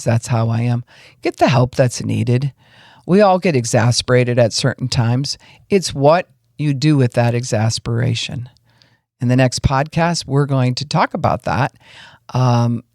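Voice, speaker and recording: A woman's voice: extremely low pitch, no room sound. Folksy woman pastor, dry close mic. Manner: folksy, animated, acts out what she describes. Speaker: pastor and podcast host. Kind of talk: casual teaching podcast.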